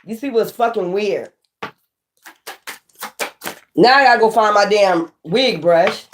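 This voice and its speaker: A woman giving a casual tarot reading to viewers, emphatic and rambling, swearing freely, swinging from near-shouts to low muttering. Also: unhurried, pauses often, a little hiss or hum. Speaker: tarot reader.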